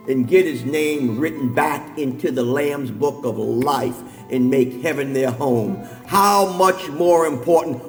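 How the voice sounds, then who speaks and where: Preacher man, echoing hall. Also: fairly high pitch. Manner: builds from calm talk to shouted, near-sung preaching. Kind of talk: sermon. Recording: long hall reverb, faint music behind.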